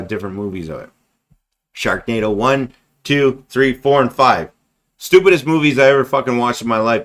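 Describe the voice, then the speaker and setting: A man's voice: lowish voice, fairly bright tone. Profane, sarcastic man ranting on a livestream. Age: 40s. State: losing his voice. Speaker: livestream host. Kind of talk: casual ranting commentary.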